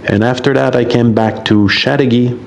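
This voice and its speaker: A man in his fifties from Quebec with a French-Canadian accent, a native French speaker, recording a halting, apologetic voice message for a radio show. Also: mid-range voice, steady tone, gravelly, a little hiss or hum. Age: 50s. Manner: halting, hesitant, many fillers, apologetic.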